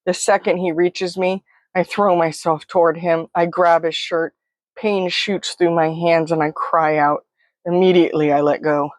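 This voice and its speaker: A woman's voice: fairly low pitch, little pitch movement, unhurried, no echo. A woman telling a first-person story in a vivid, present-tense, close way. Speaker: narrator.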